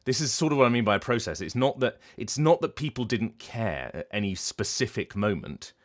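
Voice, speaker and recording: A man with a very deep voice talks casually on his livestream. As a voice actor, he explains his craft thoughtfully and often stops to restart a sentence. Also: animated, a little fast. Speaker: voice actor and streamer.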